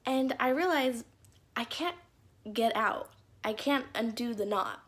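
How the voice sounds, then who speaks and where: A chatty young woman tells a story-time vlog in a fairly high voice. She talks casually and fills her lines with "like", slipping into little acted quotes from the people in her stories. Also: lively intonation, a little slow, fairly bright tone. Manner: chatty, lots of "like" fillers, acts out quotes. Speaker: YouTuber.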